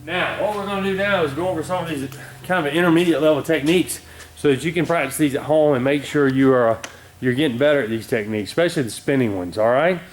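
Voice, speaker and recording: A middle-aged man teaching martial arts kicks on video, calling out commands loudly and checking in with "all right?". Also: a little high, quick pace. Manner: calls out commands loudly and coaches with frequent "all right?" and "okay?". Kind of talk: teaching a kicking class on video.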